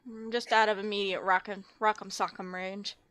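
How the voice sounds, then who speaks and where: A woman's voice: medium pitch, little pitch movement, normal speed, a bit bright. A woman playing a tabletop game in casual chat. She is playful and laughs often. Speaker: player.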